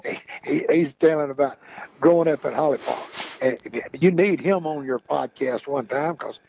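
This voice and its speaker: A man spins long, rambling tales in an easygoing chat, forever circling back with "he said." His voice is gravelly and dark, with a breathy, husky edge. The sound is a little muffled and lo-fi. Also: on the high side, normal speed. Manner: folksy, rambling, keeps repeating "he said". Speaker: podcast guest storyteller. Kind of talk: casual storytelling.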